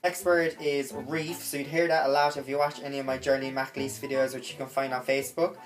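A woman's voice: a bass voice, level tone, a little fast. A young woman with a Cork accent, chatting through a casual slang lesson vlog with lots of "like" fillers. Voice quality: chatty, filler-heavy with frequent "like". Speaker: vlogger.

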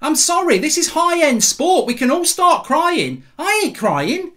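A man's voice: extremely high pitch, very animated, measured pace, sharp tone. A middle-aged man, hosting a live football watchalong and ranting, swearing and repeating himself. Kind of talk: live reaction commentary.

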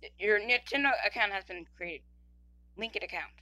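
This woman talks through a mobile game in casual commentary, and her bright, edged tone cuts through. She stumbles, restarts and repeats words as she reads on-screen text aloud. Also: medium pitch, lively intonation, fairly quick.

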